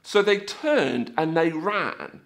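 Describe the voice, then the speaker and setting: A man giving an animated faith talk for families, telling stories and acting out scenes with sound effects. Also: fairly high pitch, takes it slowly, vocal fry.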